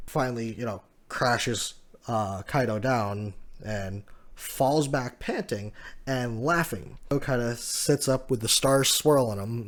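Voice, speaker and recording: A man giving a casual recap of a manga chapter, walking through the panels and laughing often. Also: mid-range voice. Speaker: manga reviewer.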